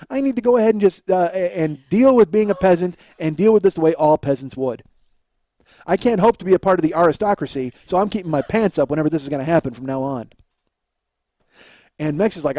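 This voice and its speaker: A man's voice: on the high side, animated, fast talker, mellow, no room sound. A middle-aged man hosting a solo comedy podcast, telling a rambling, self-deprecating story and laughing at himself. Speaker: podcast host.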